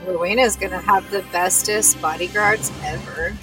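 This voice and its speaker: A woman's voice: mid-range voice, fairly even intonation, normal speed, over music, rough recording. A woman running a tabletop game as game master, chatty and giggly with casual swearing.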